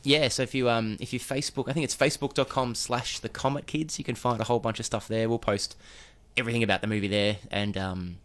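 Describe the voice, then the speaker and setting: A man's voice: medium pitch, fairly even intonation, fast, hardly any pauses, a bit bright. A man, a film director losing his voice, speaking hesitantly with many ums as a guest in a radio studio. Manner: hesitant, lots of ums and restarts. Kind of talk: casual radio interview guest. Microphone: studio microphone.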